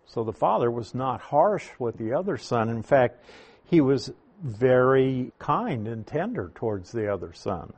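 A man preaching a sermon, teaching through a Bible passage verse by verse in a deliberate, emphatic way. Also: mid-range voice, sing-song, darkish tone.

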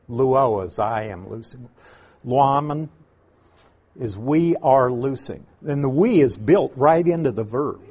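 A man teaching a Bible passage verse by verse, slowly and deliberately, stressing key words as he explains grammar. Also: medium pitch, a little mellow.

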